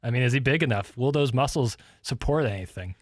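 A man's voice: mid-range voice, lively intonation, fairly quick, no room sound. A man co-hosting a sports radio show, with dry, joking asides and short acknowledgments. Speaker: radio co-host. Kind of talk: casual sports radio banter.

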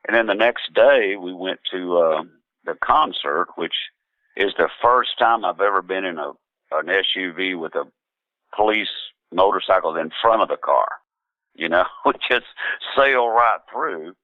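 A low-voiced man spins a loose, rambling yarn, stopping and restarting with plenty of "uh"s. His voice comes over a tinny, phone-like line with no room sound around it. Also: animated, measured pace, no room sound. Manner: rambling, laid-back, many fillers and restarts, quotes others in voices. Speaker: musician guest. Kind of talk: casual anecdotal storytelling.

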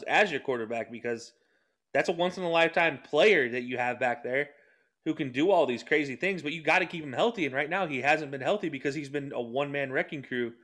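A man co-hosting a casual sports podcast, talking quickly with sarcastic asides and laughs. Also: a little high, fairly bright tone. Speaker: podcast co-host.

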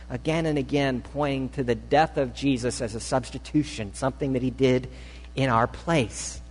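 A male pastor preaching a sermon, swinging from loud urgent peaks to quiet, low asides. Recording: long reverb of a large hall.

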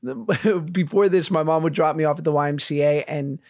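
A man in his thirties, a guest actor in a casual interview, telling stories with quick self-deprecating humor and frequent laughs. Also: fairly high pitch, fairly even intonation, a little mellow, dry recording, clean studio sound.

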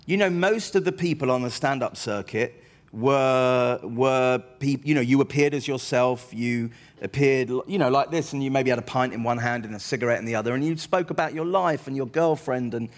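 A man's voice: mid-range voice, normal speed. A man, a comedian telling rambling, self-deprecating stories as an interview guest. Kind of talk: anecdotal interview chat.

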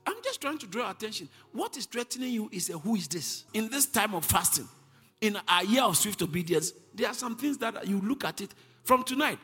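Male preacher, high animated voice, long hall reverb; quiet teaching that rises to shouted declarations. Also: brisk, slightly rough. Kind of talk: sermon.

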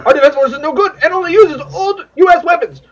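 A man's voice: very high-pitched, fast, pitched above the performer's own voice. A man voicing a melodramatic figure from a badly dubbed monster movie, with a stilted sing-song delivery. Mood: panicky. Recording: lo-fi recording.

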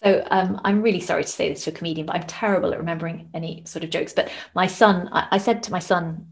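A woman being interviewed as an author, answering thoughtfully with halting restarts. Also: lowish voice, steady tone, gravelly. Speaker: guest author. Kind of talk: interview conversation.

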